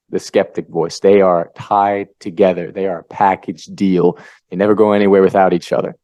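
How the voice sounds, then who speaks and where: A man hosting a motivational podcast, swinging between energetic pep-talk bursts and low, quiet asides. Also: no echo. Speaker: podcast host. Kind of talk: motivational monologue.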